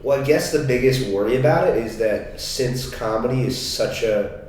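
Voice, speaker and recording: A man's voice: medium pitch, moderate pace, a little mellow. A young man chatting casually on a podcast, rambling through stories and slipping into put-on voices for the people in them. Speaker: podcast co-host. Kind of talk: casual chat. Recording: echoey room, mic at a distance, faint hiss.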